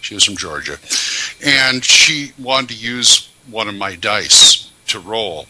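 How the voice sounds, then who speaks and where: A man's voice: lowish voice, slow pace, rough recording. A man co-hosting a casual tabletop gaming podcast, telling anecdotes in a chatty way. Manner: storytelling, animated when quoting. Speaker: podcast co-host. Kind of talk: casual chat.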